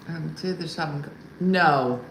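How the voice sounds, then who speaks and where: A woman hosting a casual live comedy stream. She chats with viewers and tells wry, exasperated stories about her partner. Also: sits low. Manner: chatty storyteller who answers viewer comments; wry and exasperated, imitates her husband loudly. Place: home room for a live stream. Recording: echoey room with faint ambient hum.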